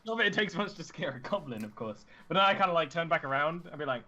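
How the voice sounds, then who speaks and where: A man playing a tabletop game, rambling with lots of fillers and jumpy pitch. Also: lively intonation, fast talker, few pauses, bright, forceful tone, dull audio. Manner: rambling, full of likes, sudden pitch jumps. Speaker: player. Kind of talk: casual tabletop chat.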